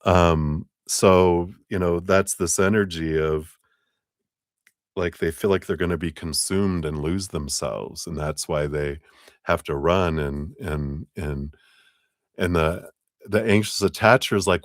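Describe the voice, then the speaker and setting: A man talking through a live tarot reading, animated, with frequent fillers and laughs. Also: slow, no echo, studio quality. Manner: animated, acts out quoted voices with big pitch jumps; laughs often, many fillers. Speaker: tarot reader. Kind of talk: live-streamed reading talk.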